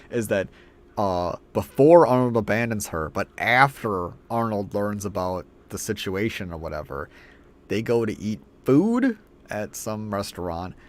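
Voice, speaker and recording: A man ranting through a film review in a profane, exasperated way. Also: fairly low pitch.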